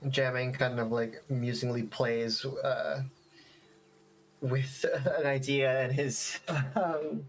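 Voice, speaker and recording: A man playing a tabletop game, talking in a hesitant, halting way. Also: medium pitch, steady tone, slight background noise, rough recording. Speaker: player. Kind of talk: casual tabletop game chat.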